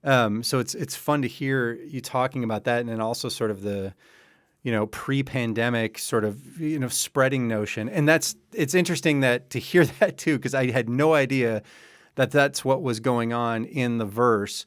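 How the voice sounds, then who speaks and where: A man's voice: medium pitch, moderate pace, dry recording. A man with a mid-range voice hosts a music interview, sharing his own songwriting habits in a loose, chatty way. The sound is close and dry. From United States. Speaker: podcast host. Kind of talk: casual interview talk.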